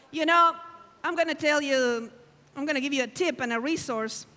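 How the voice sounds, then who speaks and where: A woman delivers an emphatic, exclamatory sermon in a high, bright voice. She speaks slowly and deliberately, bursting into lively quoted lines. Her voice rings through a large hall with a long reverb tail. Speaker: guest preacher. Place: large hall at a camp meeting.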